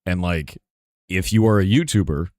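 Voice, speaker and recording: A hoarse man streaming live, answering chat in a rambling casual way with lots of "right?" asides. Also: sits low, normal speed, a little mellow, no echo, studio quality. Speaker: streamer and game developer.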